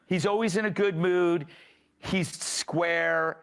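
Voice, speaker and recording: A man's voice: high-pitched, steady tone, slow, fairly bright tone, a little hiss or hum. A man hosting a panel show, teasing his guests and laughing easily. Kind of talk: joking panel discussion.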